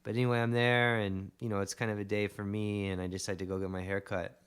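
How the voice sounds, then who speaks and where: A man's voice: fairly low pitch, little pitch movement, fast, smooth. A young adult man, a podcast guest, telling a rambling story in casual conversation with emphatic bursts.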